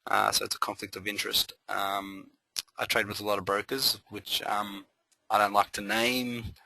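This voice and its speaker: Punchy man pitching motivation. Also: moderate pace, vocal fry, dry recording, poor audio. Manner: energetic, motivational, repeats phrases for emphasis. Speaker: trading webinar presenter. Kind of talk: live webinar talk.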